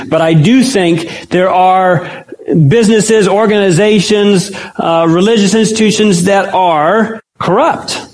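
High-voiced preacher asking the room questions. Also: male voice, poor audio. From United States. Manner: conversational, asks the audience questions. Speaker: pastor or Bible teacher. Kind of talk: sermon-style Bible study.

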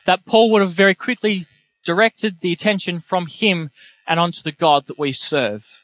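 A young man preaching a sermon, telling self-deprecating personal stories in a lively way. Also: sits high, normal speed, dry recording.

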